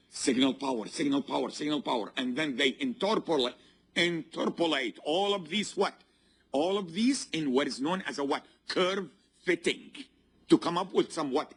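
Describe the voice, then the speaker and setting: In a lecture hall, a male university professor with a medium-pitched, slightly rough voice gives a class lecture. He constantly asks students to fill in the answer and checks whether they're following.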